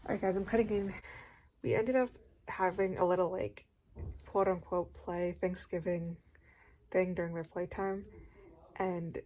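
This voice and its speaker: A woman's voice: on the low side, fairly even intonation, measured pace, long pauses, dark tone, a little hiss or hum, rough recording. A young woman vlogging in a casual, rambling way, filling her talk with "like" while chatting about her day. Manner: chatty, rambling, heavy use of "like". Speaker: vlogger and preschool music teacher. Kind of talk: casual vlog chat.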